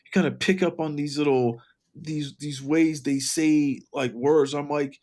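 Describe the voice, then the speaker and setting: A man co-hosting a casual podcast chat, thinking aloud in a halting way with many restarts and repeated words. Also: a little high, fairly even intonation, a little mellow. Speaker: podcast co-host. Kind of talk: casual podcast chat about a comic book.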